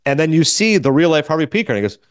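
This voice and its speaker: A man's voice: on the high side, very fast, clear, resonant tone, no echo. A man hosting a film podcast, talking through a movie review and acting out quotes from it, recorded on a studio microphone. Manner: animated storyteller acting out quoted lines. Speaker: podcast host and film critic. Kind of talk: casual film review monologue.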